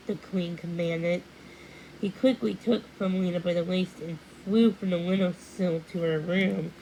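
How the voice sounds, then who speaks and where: A woman narrating a storybook read-along in a steady, gentle telling with the odd slip and restart. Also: lowish voice, measured pace, slight background noise, poor audio. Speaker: storybook reader.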